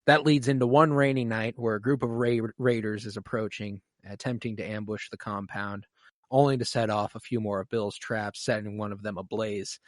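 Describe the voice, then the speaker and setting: A man's voice: on the low side, steady tone, normal speed, no room sound, studio quality. A man hosting a podcast, recapping a TV episode at length in an emotional, casual way and swearing freely. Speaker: podcast host. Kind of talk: casual show recap chat.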